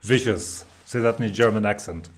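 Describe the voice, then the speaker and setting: A man's voice: medium pitch, lively intonation, fairly quick, darkish tone, breathy edge. A man from Ireland co-hosting a live stream, chatting in a wry, storytelling way. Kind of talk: casual live-stream chat.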